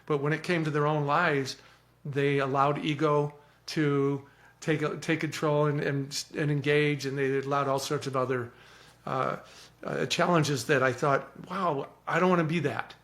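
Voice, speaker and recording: A man with a fairly high voice gives an earnest, animated account as a podcast guest. He often repeats words as he starts a thought. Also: unhurried. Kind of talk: reflective storytelling.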